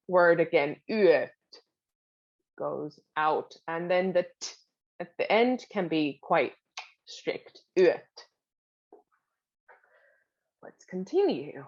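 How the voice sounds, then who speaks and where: A woman teaching pronunciation at an unhurried, careful pace, repeating words patiently. Her voice sits a little low. The recording sounds dull and lo-fi. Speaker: Finnish language teacher. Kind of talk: pronunciation lesson.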